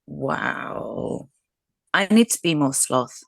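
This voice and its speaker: Playful British woman, slow and lively. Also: low voice, vocal fry, no echo, clean studio sound. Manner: playful, giggly. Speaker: podcast guest. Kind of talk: casual chat.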